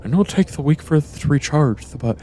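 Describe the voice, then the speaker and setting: A man's voice: on the high side, animated, brisk, mellow, slight background noise, voice pushed up, lightly acted. A man voicing a fussy, whiny male dog companion who hesitates and then gushes. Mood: grudging.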